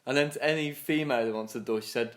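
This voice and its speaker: A young man in his twenties rambles through a story on a casual podcast, swearing freely and laughing as he goes. He slips into other people's voices to act out what they said, at a middle pitch. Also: very fast, a bit bright. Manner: acts out other people's lines in his retelling. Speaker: podcast co-host.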